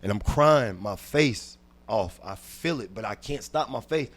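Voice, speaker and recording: A man, a comedian guest on a podcast, telling a personal story intensely and dropping from hushed to loud, with frequent repeats and restarts. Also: lowish voice, lively intonation, measured pace. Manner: repeats words and restarts while recounting.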